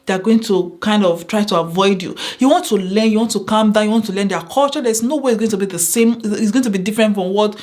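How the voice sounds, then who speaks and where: Woman, mid-pitched, earnest advice vlogger who drives points home by repetition. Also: fast talker, hardly any pauses, a little mellow. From Nigeria. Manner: earnest, repeats phrases for emphasis. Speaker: vlogger giving workplace advice. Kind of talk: casual advice talk to camera.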